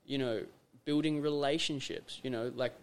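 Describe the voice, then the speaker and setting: A man's voice: mid-range voice, steady tone, moderate pace, a loud crowd. An Australian man hosting a casual podcast conversation, talking emphatically, repeating phrases for effect and acting out little scenes. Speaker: podcast host.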